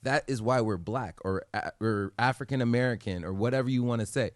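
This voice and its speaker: A man talks through a casual podcast chat in an emphatic, animated way, often restarting his sentences. His voice sits in the middle range. The recording is dry and close, with little room sound. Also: medium pitch, a little fast, no echo. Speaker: podcast co-host.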